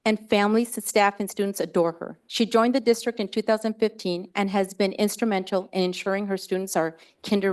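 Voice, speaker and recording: A woman's voice: mid-range voice, darkish tone. Emotional woman honoring staff. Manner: heartfelt, gets emotional and laughs between tributes. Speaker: preschool director. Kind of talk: presenting staff awards at a school board meeting. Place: school board meeting room.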